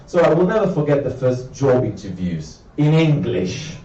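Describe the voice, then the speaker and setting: A man's voice: normal speed, a little hiss or hum. A young man from Italy with an Italian accent doing a stand-up comedy set, acting out characters with big jumps in his voice. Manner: animated, acts out characters with big pitch jumps. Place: comedy club stage with audience. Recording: roomy, dull live club sound from a distance.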